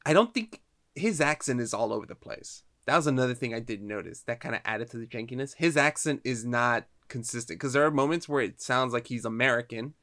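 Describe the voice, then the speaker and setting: A man's voice: medium pitch, fairly quick, fairly bright tone. A man co-hosting a casual film podcast, giving emphatic opinions and incredulous reactions.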